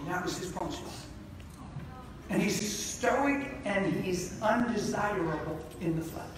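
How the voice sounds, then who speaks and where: A male preacher with a high voice tells a story to his congregation in an animated sermon style. He sounds far from the mic, with heavy hall echo and a noisy background. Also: unhurried. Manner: animated storytelling, rising to fervent shouts. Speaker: traveling preacher. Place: large hall with responding congregation.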